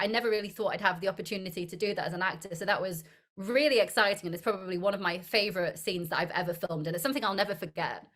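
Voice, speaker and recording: A woman's voice: mid-range voice, a bit bright. Upbeat young woman, laughing often. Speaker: actor interviewed as guest. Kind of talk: casual interview chat.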